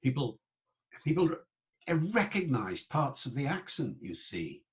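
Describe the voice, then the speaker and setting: A man giving an online lecture on the English language at a middling pitch, explaining in a relaxed, conversational way. He chats to the listener with little asides and stops to sound out old pronunciations. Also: a little slow. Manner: demonstrates old pronunciations aloud.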